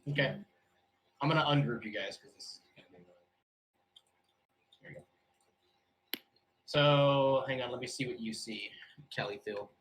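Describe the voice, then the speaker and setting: A man narrating as game master for new players, relaxed and thinking aloud with frequent fillers. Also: mid-range voice, moderate pace, long pauses, poor audio.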